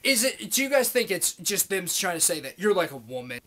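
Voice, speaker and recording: A man's voice: high voice, sing-song, fairly quick, pushed and bright. A man in his late twenties giving a profane, rambling, heated monologue to the camera as a vlogger. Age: late 20s.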